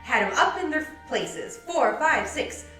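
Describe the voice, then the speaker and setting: A woman reading a classic novel aloud with lively delivery and playful side comments. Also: high voice, measured pace. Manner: lively, laughs often, acts out quoted lines. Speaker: library podcast reader. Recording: roomy sound from a distant mic with music.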